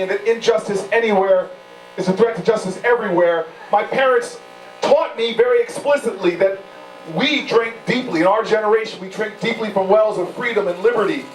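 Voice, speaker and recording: A man's voice: sits high, a little hiss or hum. A man giving a campaign speech to supporters at an indoor event, telling stories with impassioned, repeated rhetorical phrases. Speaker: political candidate addressing supporters. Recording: echoey, distant, humming room recording.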